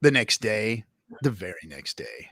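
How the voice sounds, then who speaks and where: Bright, profane man telling a rambling story. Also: fairly low pitch, sing-song, measured pace, vocal fry, no echo, clean studio sound. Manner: rambling, profane, lots of fillers and restarts. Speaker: guest. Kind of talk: casual storytelling interview.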